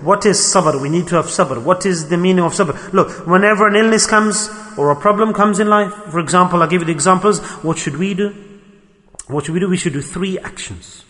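Fast, bright-voiced male preacher in echoing hall. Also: high-pitched. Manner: rhetorical questions, acts out complaining voices. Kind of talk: sermon.

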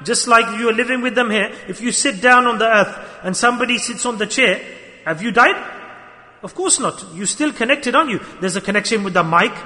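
A man's voice: very high-pitched, fairly quick, bright, forceful tone. A man preaching a sermon at a gathering on a microphone, impassioned and full of rhetorical questions. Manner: impassioned, rhetorical questions, rises and falls sharply. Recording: reverberant hall.

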